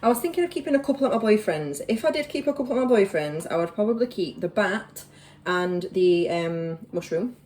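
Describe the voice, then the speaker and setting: A woman's voice: medium pitch, animated, fairly quick, darkish tone, echoey room. Chatty young woman vlogging. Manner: chatty, rambling with many fillers. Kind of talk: casual chat.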